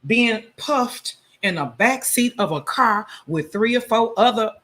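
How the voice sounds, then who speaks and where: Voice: medium pitch, animated, unhurried, bright, forceful tone. A channel host delivering a heated, profane livestream rant, scolding and lecturing in a confrontational, repetitive way.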